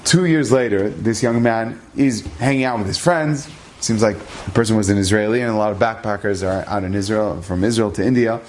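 A man's voice: on the low side, fairly quick, a little mellow, slight background noise. A man telling a religious story as a lesson, earnest, acting out the dialogue and using Hebrew terms.

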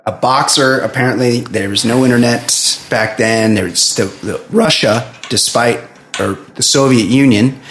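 A man's voice: medium pitch, a little slow, a little hiss or hum. A man hosting a podcast, reviewing a movie in casual, joking banter and swearing freely. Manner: animated, joking, acts out quotes, swears. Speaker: podcast host. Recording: echoey room.

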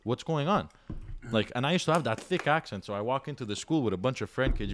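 A man's voice: mid-range voice, lively intonation, fast, fairly bright tone, a little hiss or hum. A man from Montreal, hosting a casual podcast, easygoing and agreeable as he steers the conversation. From Montreal, Canada. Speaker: podcast host.

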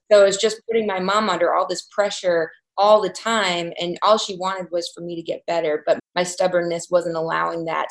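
A woman around thirty, telling her personal story as an interview guest in a candid, reflective way, halting at painful points. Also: fairly low pitch.

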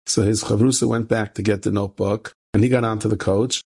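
A man's voice: a little fast, husky. A man, a rabbi, telling a story with a moral lesson in a conversational way, repeating phrases for emphasis. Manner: conversational, repeats phrases for emphasis, rising pitch when animated.

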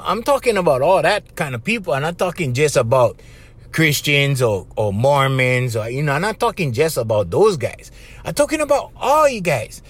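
Middle-aged Hawaiian Pidgin-speaking male host; raised pitch, swinging intonation, talks straight to his listeners. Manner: animated, chatty, addresses listeners directly with 'bruh' and 'right?'. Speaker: podcast host. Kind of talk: casual motivational talk.

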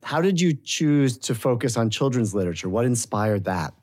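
A man hosting an interview, asking measured questions and giving brief affirmations. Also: medium pitch, animated, a little mellow.

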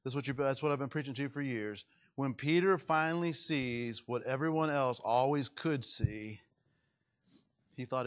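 A man preaching a sermon as pastor, swinging dramatically between loud high outbursts and hushed low passages, acting out quoted voices. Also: moderate pace.

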